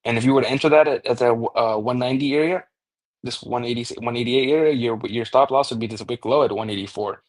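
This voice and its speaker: A man's voice: medium pitch, quick pace. A man giving a casual chart analysis as a crypto trading analyst, talking loosely with frequent restarts and the odd swear word.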